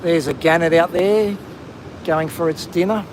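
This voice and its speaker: At a measured pace, an Australian man with a slightly high voice hosts a live stream while walking a windy coastal headland outdoors. He chats casually and greets viewers by name. The poor audio has a little hiss or hum.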